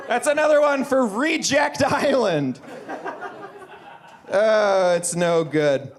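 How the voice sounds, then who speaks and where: A man's voice: high voice, slow pace, pauses often. A man doing a stand-up roast on a comedy club stage, brash and mocking, laughing at his own jokes. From Manitoba, Canada.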